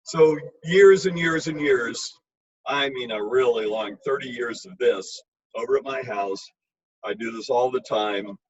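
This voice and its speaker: A man lecturing on wine in an informal, emphatic way, blunt and full of asides. His voice is husky and mid-pitched, recorded dry and dull with a lo-fi quality. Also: unhurried, dry recording. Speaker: wine educator.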